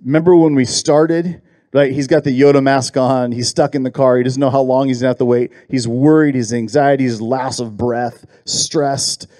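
A man preaching a sermon as a pastor, earnest and emphatic, often repeating words and slowing down on key phrases. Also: mid-range voice, fairly even intonation, mellow, dry recording, studio quality.

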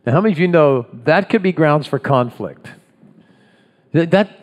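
A man's voice: on the high side, animated, normal speed. A man preaching a sermon in a conversational way, often restarting his phrases and acting out voices. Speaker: pastor. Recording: long hall reverb.

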